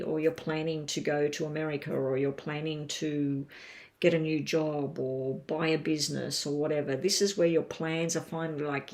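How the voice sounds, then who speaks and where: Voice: medium pitch, vocal fry. A tarot reader doing a casual live-stream reading from home, chatting straight to viewers with lots of ums.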